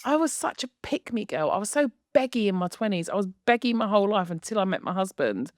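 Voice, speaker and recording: A woman co-hosting a podcast, talking in a gushing, animated rush of stories. Her voice sits in a middle register and comes across dry and close to the mic. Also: mid-range voice, fairly quick, dry recording. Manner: chatty, gushing, animated storytelling. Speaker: podcast co-host. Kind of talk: casual chat.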